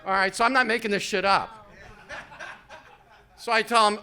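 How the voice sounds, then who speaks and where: Man in his fifties, stand-up comic, rambling, profane, self-deprecating, bright tone. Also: high-pitched, fairly even intonation, moderate pace, clear, resonant tone. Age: 50s. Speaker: stand-up comedian. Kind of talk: stand-up comedy set. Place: live comedy stage.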